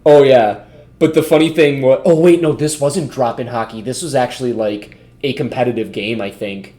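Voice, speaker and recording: A man's voice: mid-range voice, moderate pace, dark tone. A man telling a story on a podcast with friends, loose and rambling. He leans on filler words and swears freely, in a mid-range voice. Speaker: podcast co-host. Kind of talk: casual storytelling among friends.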